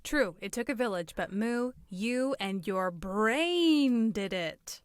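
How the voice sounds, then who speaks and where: A woman's voice: a little high, lively intonation, slow pace, clear, resonant tone, no room sound, studio quality. A woman co-hosting a podcast in casual chat. She talks playfully, rambles and laughs often. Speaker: podcast co-host.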